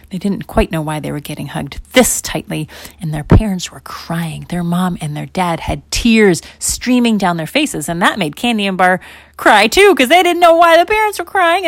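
Low, gentle woman telling a kids' story. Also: vocal fry, dry recording. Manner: gentle, rambling, repeats phrases. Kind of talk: improvised children's story narration.

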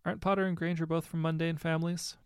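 A man's voice: fairly high pitch, level tone, fast talker, clean tone, no room sound, studio quality, pitched above the performer's own voice, natural voice. A man voicing an uneasy scientist who speaks hesitantly. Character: hesitant male scientist with a conscience.

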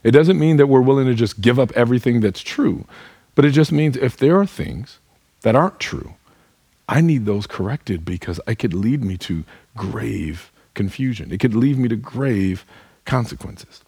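A man's voice: mid-range voice, animated, normal speed, dark tone, slightly rough, dry recording. A pastor preaching a sermon, earnest, putting direct questions to his listeners. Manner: speaks to the congregation as "y'all".

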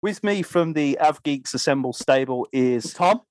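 A man with a Birmingham accent hosts a relaxed podcast, chatting freely and laughing often. His voice sits a little high for a man. The sound is close and dry, with no room around it. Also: moderate pace, dry recording. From Birmingham, England. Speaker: podcast host. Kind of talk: casual podcast chat. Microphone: remote call recording.

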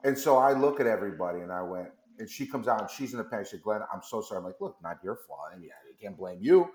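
A man's voice: fairly low pitch, lively intonation, fast, a little mellow, echoey room. A man telling a long story as a guest on a radio interview, acting out the back-and-forth of phone calls. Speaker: company founder as guest. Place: radio studio.

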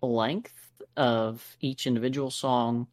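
A man's voice: mid-range voice, steady tone, slow pace. An American man co-hosting a podcast, chatting casually about an album with many fillers and restarts. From United States. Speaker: podcast co-host. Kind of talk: casual review chat.

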